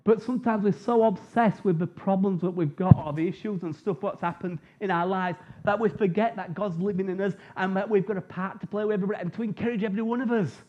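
Male preacher, light high voice, jokey storytelling sermon, muffled lo-fi sound. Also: steady tone, fast talker. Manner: chatty, jokey, tells personal stories. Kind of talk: informal sermon. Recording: dull lo-fi recording.

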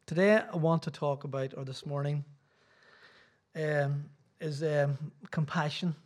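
A chatty Irish man, visiting as a preacher, delivers a sermon mixed with casual chat in church. His voice is fairly high, steady and unhurried, and he rambles with self-deprecating, chatty asides.

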